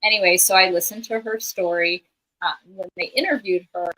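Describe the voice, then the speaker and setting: A woman's voice: lowish voice, steady tone, brisk, sharp tone, rough recording. A woman guest on a casual live stream chat who tells stories in a rambling way, restarting her sentences often. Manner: rambling, many fillers and restarts while storytelling.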